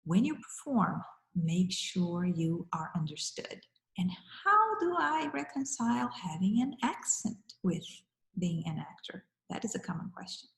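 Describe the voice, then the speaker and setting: A woman giving an acting lesson in a measured, encouraging way, talking straight to the listener. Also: fairly low pitch, sing-song, creaky, reverberant, poor audio. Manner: measured, encouraging, direct address. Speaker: acting teacher. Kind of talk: instructional talk to camera.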